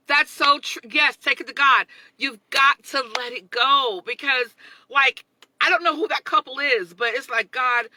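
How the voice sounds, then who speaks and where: A woman in her thirties, hosting a casual motivational talk, chatty and expressive, laughing often and greeting viewers by name. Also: medium pitch, no echo, poor audio. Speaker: motivational livestream host.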